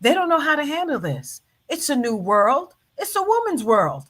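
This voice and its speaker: A woman hosts a casual live stream, reacting to a clip and calling out her chat by name. Her voice sits high and swings all over, bright and crisp at the top. She talks in a teasing, animated way. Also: normal speed. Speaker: show host reacting to a video clip.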